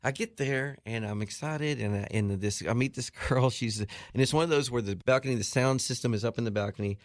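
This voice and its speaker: A man on a radio show telling an animated story, acting out other people's voices and laughing as he goes. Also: brisk, no room sound, clean studio sound. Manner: acts out voices with big jumps in pitch and laughs. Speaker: guest musician telling a story. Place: radio studio.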